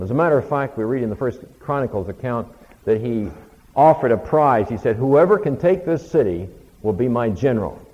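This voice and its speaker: A man's voice: medium pitch, dark tone. A man giving a conversational Bible lecture, retelling the stories with quoted lines of dialogue. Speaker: Bible teacher. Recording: lo-fi recording with long hall reverb.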